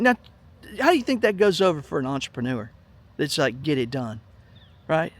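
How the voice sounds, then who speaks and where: A man's voice: a little high, lively intonation, normal speed, pauses often, a bit bright. A middle-aged man telling a story in a blunt, profane, heated rant to his viewers. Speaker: vlog host. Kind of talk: blunt ranting monologue.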